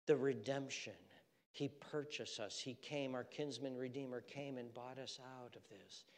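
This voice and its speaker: Preacher in a reverberant hall. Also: male voice, mid-range voice. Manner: swings from loud urgent exhortation to hushed near-whispers; repeats phrases and restarts for emphasis. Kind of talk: sermon.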